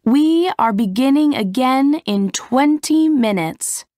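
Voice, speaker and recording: A woman's voice: high-pitched, expressive, slow pace, dark tone, no room sound, studio quality, voice pushed up. A woman reading as a film director calling out orders, raised and emphatic. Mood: directing. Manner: calls out instructions in a lifted, emphatic voice. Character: adult male film director giving orders.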